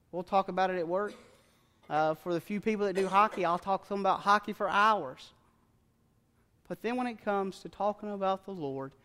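A man preaching a sermon in a church, telling a story in an animated, plain-spoken way. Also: high-pitched. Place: church sanctuary. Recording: long church reverb with faint music.

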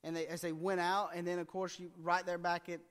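A man's voice: sits high, flat delivery, brisk, a bit bright, clear, resonant tone, in a large hall. A man preaching a conversational sermon in a folksy manner, acting out what people in the scripture might say. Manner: folksy, acts out quoted speech in plain voice.

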